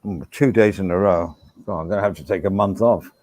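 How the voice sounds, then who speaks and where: A man's voice: low voice, brisk, darkish tone, no room sound. A man hosting a casual livestream chat with friends, joking and swearing his way through the banter. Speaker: livestream host.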